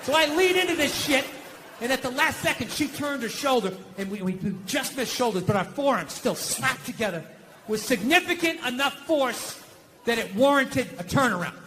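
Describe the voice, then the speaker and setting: High, bright-voiced ranting male comedian. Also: normal speed, slight background noise. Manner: ranting, profane, animated, exasperated. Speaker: stand-up comedian. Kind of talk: stand-up comedy routine.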